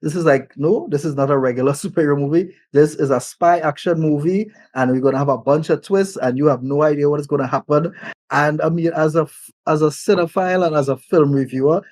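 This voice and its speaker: A man's voice: fairly high pitch, a little mellow, dry recording, low-quality recording. Upbeat film reviewer man, dry sound. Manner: enthusiastic, quotes his own reactions. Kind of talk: casual film review chat.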